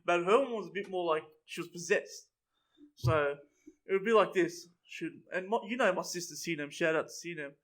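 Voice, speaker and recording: A man's voice: high voice, a little fast. A young man chatting casually, telling a laid-back story. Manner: relaxed, laid-back storytelling, says bro a lot.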